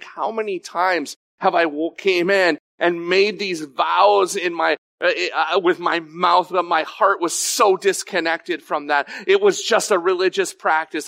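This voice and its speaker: A man's voice: on the high side, a bit bright, no room sound. A male pastor preaching an earnest, confessional sermon, often acting out quoted voices and repeating words as he goes. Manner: candid with restarts and repeated words.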